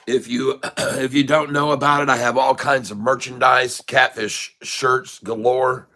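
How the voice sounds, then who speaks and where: A man's voice: mid-range voice, level tone, unhurried, sharp tone. Rambling, jokey man hosting a trading stream. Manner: rambling and jokey, muttering to himself while working. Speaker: stock day-trading livestream host. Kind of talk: casual livestream chat. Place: home room with shelves of keepsakes.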